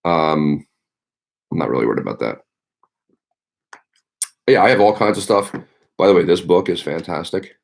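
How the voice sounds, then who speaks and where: Man, very deep voice, casual livestream chat, rambling, filler words. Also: lively intonation, normal speed, vocal fry, long pauses. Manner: rambling, full of ums and you-knows. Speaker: teacher hosting a livestream.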